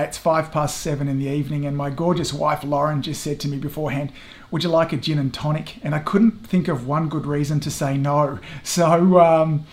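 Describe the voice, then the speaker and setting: A man hosting a podcast interview over a video call from home, chatting warmly and effusively, with self-deprecating humour. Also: on the high side. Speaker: podcast host. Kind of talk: casual interview chat. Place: home in the evening.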